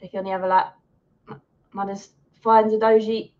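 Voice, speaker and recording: Excitable woman heckling a match. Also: medium pitch, a little fast. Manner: excitable, swears and heckles the players and referee. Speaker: fan hosting a live watch-along. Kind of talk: live match commentary. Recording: dull lo-fi sound.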